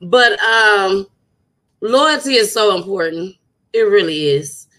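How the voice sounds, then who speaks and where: Bright, chatty woman podcast host. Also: mid-range voice, takes it slowly. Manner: chatty, repetitive, heartfelt, uses dialect. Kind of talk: casual chat.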